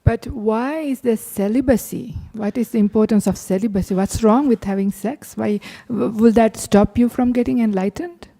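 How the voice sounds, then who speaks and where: A woman's voice: fairly high pitch, normal speed, few pauses, dark tone, in a large hall. A woman who is a Buddhist nun teacher, explaining earnestly and asking the audience questions in a workshop.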